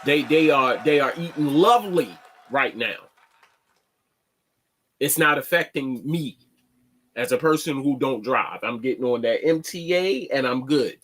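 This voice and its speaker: Man, unhurried and plainspoken, stumbles and restarts as he talks his opinion on his show. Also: medium pitch, expressive, a bit bright. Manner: halting, repeats words and restarts often; plainspoken, slangy. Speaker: online show host. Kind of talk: casual commentary monologue.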